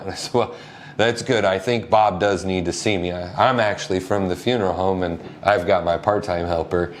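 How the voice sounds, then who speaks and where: A man's voice: sits low, steady tone, fairly quick, a little hiss or hum. A man, a funeral home co-owner, telling an anecdote in a casual storytelling style and acting out the people he quotes.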